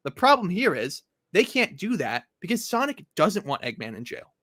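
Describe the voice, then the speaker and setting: A man's voice: high-pitched, sing-song, normal speed, fairly bright tone, no room sound, clean studio sound. A man co-hosting a casual comic discussion, sarcastic and rambling, swearing freely. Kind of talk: casual chat.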